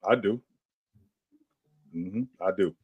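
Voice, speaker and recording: Low-voiced emphatic male panelist. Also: takes it slowly, slightly rough, no room sound, phone-quality sound. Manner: emphatic, repeats himself, many mm-hmms. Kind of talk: casual panel chat.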